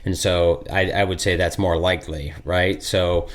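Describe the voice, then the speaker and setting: A man's voice: low voice, flat delivery, moderate pace. A middle-aged man hosting a podcast interview, talking conversationally and thinking aloud as he builds his questions. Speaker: podcast host.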